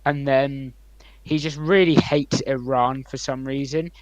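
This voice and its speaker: A man's voice: medium pitch, fairly even intonation, no room sound, poor audio. Young man, podcast co-host, rambling anecdotes, lots of filler words, dry close sound. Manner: rambling, lots of ums and likes, quick swings in loudness. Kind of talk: casual storytelling chat.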